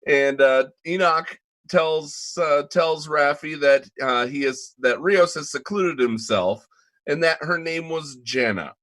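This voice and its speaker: A man's voice: fairly high pitch, takes it slowly, a bit bright, no echo. A man hosting a casual group chat, recapping a TV episode with lots of fillers. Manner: loose, filler-heavy recap.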